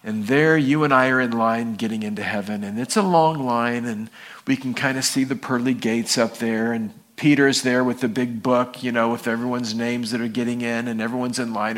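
Guy preaching a sermon, animated storytelling, jumps up high when he acts out people. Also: measured pace. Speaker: pastor.

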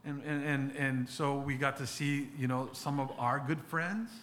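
A man preaching a sermon as a pastor, speaking earnestly and haltingly, often restarting and repeating words. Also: medium pitch, fairly even intonation, fairly bright tone, slight background noise.

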